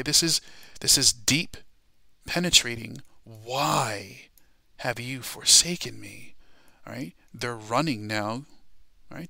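A man teaching a Bible study class in a sermon style, emphatic and dramatic, slowing down to stress key words. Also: medium pitch, vocal fry, bright, forceful tone, no room sound.

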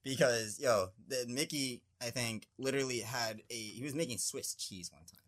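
Animated young podcast co-host man. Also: medium pitch, moderate pace. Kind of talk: casual podcast chat.

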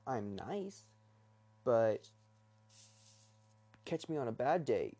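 A man's voice: medium pitch, sing-song, very slow, mellow. A young man hosting his first solo talk episode, rambling hesitantly from his bedroom with many fillers and restarts. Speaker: podcast host.

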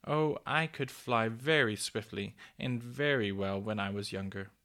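Guy reading as a sweet fussing old mother cuckoo bird, slow and soft, storybook voice. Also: lowish voice. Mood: cozy.

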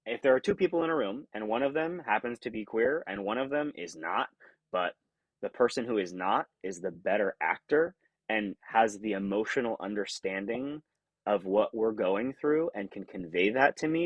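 A man from California, an actor talking as a podcast guest in an earnest, reflective way, acting out remembered thoughts with sudden jumps in pitch. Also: animated, moderate pace, slightly rough, no room sound, muffled recording. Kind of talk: conversational interview.

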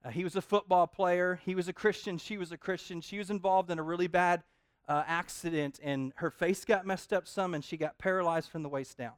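A man preaching a sermon in an animated, joking way, often repeating his words. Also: on the high side, clear, resonant tone, no echo, clean studio sound. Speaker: pastor.

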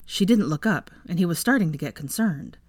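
A woman reading fan fiction aloud as narrator, at an even, steady pace. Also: lowish voice, a little fast, husky, dry recording, studio quality.

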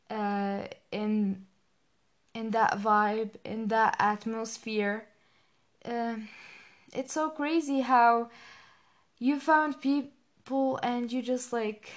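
Slow-talking young woman, emotional and halting. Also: fairly high pitch. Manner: emotional, halting, many fillers. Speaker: podcast host. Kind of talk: personal reflective monologue.

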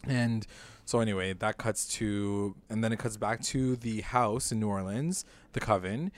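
A man's voice: on the low side, unhurried. A man co-hosting a casual podcast, retelling a TV episode with lots of fillers and acted-out quotes, often laughing. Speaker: podcast co-host. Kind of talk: casual recap chat.

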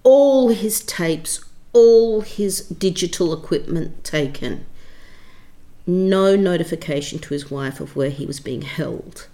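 A middle-aged woman, a theatre director and writer, telling a story in an interview in an expressive, emphatic way with frequent restarts. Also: lowish voice, takes it slowly. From Australia.

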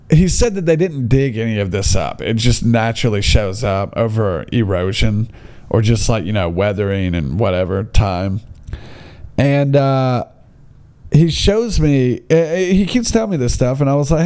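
Young man telling a comic story, mellow tone, animated delivery. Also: mid-range voice, normal speed. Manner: rambling, many fillers and restarts, animated. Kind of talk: casual comedic storytelling.

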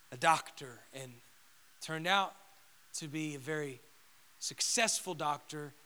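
Bright-voiced male pastor preaching a sermon. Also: fairly high pitch. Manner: storytelling, swings from loud proclamation to hushed whisper.

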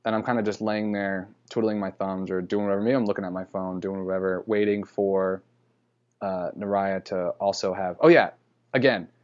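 A man's voice: lowish voice, lo-fi sound. A man telling a story in a rambling, casual way, often correcting himself and chuckling. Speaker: podcast host.

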